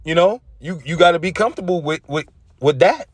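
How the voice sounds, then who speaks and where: A man's voice: on the high side, lively intonation, a little fast, no room sound. A man giving an intense, casual religious rant, often stumbling and repeating himself. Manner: intense, repetitive, stumbling over words.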